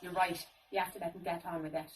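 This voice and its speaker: A woman's voice: high voice, takes it slowly, a bit bright, a little hiss or hum, pitched below the performer's own voice, rough recording. A woman voicing a goofy, joke-telling fox puppet with gross tastes in a children's puppet show. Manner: silly, playful, jokey.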